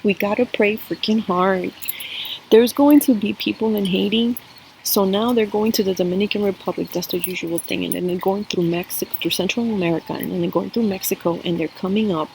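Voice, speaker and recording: Talking directly to her viewers, this woman delivers an earnest, emotional cup reading on camera as a tarot and coffee-cup reader. Her medium-pitched voice is creaky and darkish, steady in tone and fairly quick. It's a rough recording with slight background noise.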